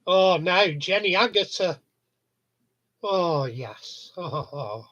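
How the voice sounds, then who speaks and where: A man's voice: high voice, animated, takes it slowly, a bit bright, lo-fi sound. A man chatting casually on a live stream, telling rambling stories with frequent chuckles. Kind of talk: casual chat with viewers.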